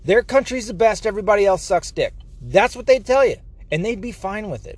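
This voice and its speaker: A man's voice: high-pitched, lively intonation, brisk, no echo. A man from the United States ranting heatedly and sarcastically to the camera, swearing often. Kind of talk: profane political rant.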